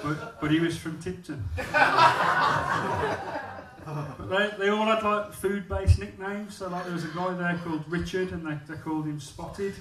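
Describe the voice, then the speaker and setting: A man's voice: sits high, moderate pace, long pauses. A male stand-up comedian telling cheeky, crude, self-mocking stories on a comedy club stage. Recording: echoey club from far off, audience noise.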